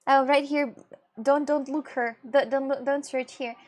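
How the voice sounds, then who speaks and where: A woman's voice: sits high, fairly even intonation, measured pace. A young woman chatting casually with her viewers while drawing on a livestream, laughing often and reacting to chat. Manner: giggly, chatty, talks to viewers. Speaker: streamer.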